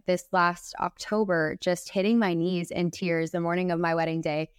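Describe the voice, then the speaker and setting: A woman's voice: on the low side, clean tone, no echo, clean studio sound. A young woman guest telling a heartfelt faith story in a candid, earnest way. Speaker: podcast guest.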